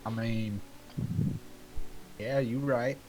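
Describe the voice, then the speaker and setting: Man playing a wavering companion, hesitant, halting, everyday voice. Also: mid-range voice, steady tone, darkish tone. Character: loyal, wavering man tempted by money.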